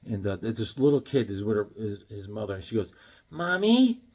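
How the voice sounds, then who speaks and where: A man chatting casually on his vlog as he shows off new comics, rambling and excitable, throwing in corny jokes. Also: fairly low pitch, a little fast. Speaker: comic book collector showing new comics.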